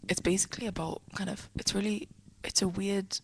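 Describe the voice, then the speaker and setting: A teenage girl from England chatting casually in a vlog, rambling and giggling, often trailing off into soft whispery asides as she sits at home. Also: mid-range voice, little pitch movement, brisk, creaky, husky, poor audio. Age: teens. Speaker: vlogger answering a friend's questions. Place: indoors, at home, sitting on a desk.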